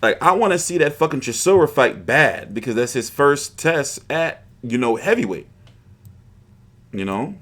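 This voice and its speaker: A man's voice: mid-range voice, very animated, normal speed, fairly bright tone. A man hosting a boxing livestream, chatting casually in a rambling, profane, frustrated way.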